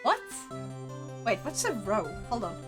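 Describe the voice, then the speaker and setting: High, lively-voiced woman streamer. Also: a little slow, over music. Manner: chatty, rambling, giggly. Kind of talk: casual gameplay chat.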